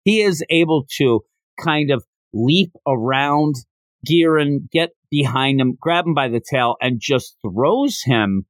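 A man's voice: medium pitch, no echo. Chatty man retelling a story, dry close mic. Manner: chatty storytelling, acts out quotes. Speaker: podcast host. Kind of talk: casual manga recap.

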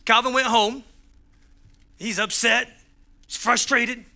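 A man's voice: extremely high pitch, steady tone, slow pace, sharp tone. A man preaching a sermon as pastor, driving home points with punchy repeated phrases and acting out the voices in his stories.

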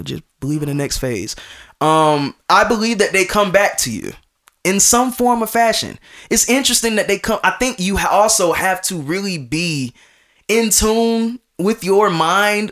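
Young male podcast host, casual storyteller, animated, acts out quotes, restarts often. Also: high-pitched.

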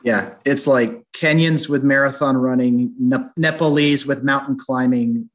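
A man hosts a casual podcast chat with a mid-range voice. He sums up advice in brisk, list-like runs. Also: mid-range voice, steady tone. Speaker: podcast host.

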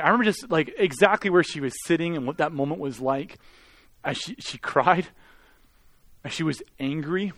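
A man, a pastor, preaching a sermon with earnest intensity, swelling loud and then dropping to soft, intimate tones. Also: fairly high pitch, dry recording.

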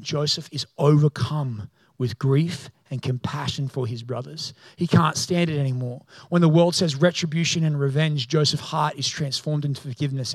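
A man, a pastor, preaching a sermon as a storyteller who acts out the people in the story and grows loud and excited. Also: fairly high pitch, dry recording.

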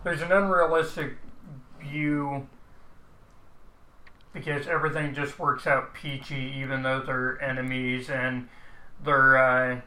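A man's voice: medium pitch, little pitch movement, slow pace, pauses often, bright, forceful tone. A man co-hosting a podcast, giving a thoughtful, rambling film review in casual chat. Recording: roomy, echoey room sound.

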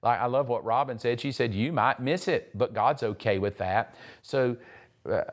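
A man's voice: medium pitch, normal speed. A man pastor preaching conversationally, acting out the voices of people he quotes. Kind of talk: sermon.

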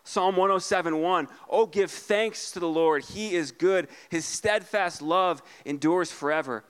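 A man preaching a sermon, restarting his phrases and doubling words, then jumping into lively acted voices. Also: clean tone. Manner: halting, repeats words, acts out voices with big pitch jumps. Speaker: pastor. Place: church.

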